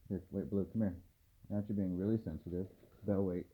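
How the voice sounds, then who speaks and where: Low-voiced man soothing dogs, tinny audio. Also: steady tone, quick pace. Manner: soft, soothing murmurs to the dogs. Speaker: dog trainer. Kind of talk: casual vlog, talking to his dogs. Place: indoors at a home at night. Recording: tinny phone-like audio, faint hiss.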